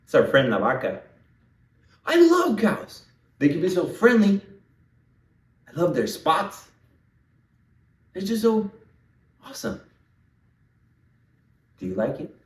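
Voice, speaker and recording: Animated man teaching young kids, singsong. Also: a little high, unhurried, long pauses, far from the mic. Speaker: children's language teacher. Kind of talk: playful kids' lesson. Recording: echoey room, voice off-mic.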